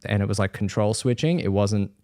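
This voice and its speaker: A man's voice: fairly low pitch, fairly quick, warm tone, dry recording, studio quality. A young man hosting a podcast who tells a story in casual chat, swears freely and acts out the people in it. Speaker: podcast host.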